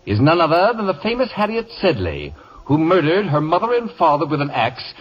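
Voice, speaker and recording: An actor playing a pompous, acid-tongued middle-aged critic in a 1950s radio drama, mocking people theatrically with chuckles. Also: male voice, a little high, sing-song, brisk. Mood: gloating. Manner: sardonic, theatrical, chuckling mockery. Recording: dull lo-fi 1950 radio broadcast.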